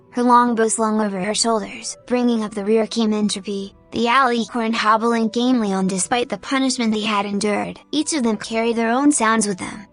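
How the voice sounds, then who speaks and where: A woman reading a fantasy story aloud as narrator, in a steady, even storybook style. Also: medium pitch.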